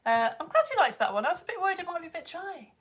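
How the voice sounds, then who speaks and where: A woman, hosting a live stream and chatting excitedly as she reads out viewer comments. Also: very high-pitched, racing. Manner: chatty and excitable, bursts into laughter and squeals. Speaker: live show host reading viewer comments. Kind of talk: casual live-stream chat.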